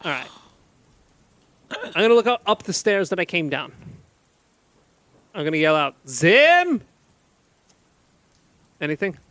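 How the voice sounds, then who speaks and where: A man's voice: a little high, animated, moderate pace, long pauses, fairly bright tone, no room sound. A man playing a tabletop game, thinking aloud hesitantly as he asks questions. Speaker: player. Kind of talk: casual play at a tabletop game.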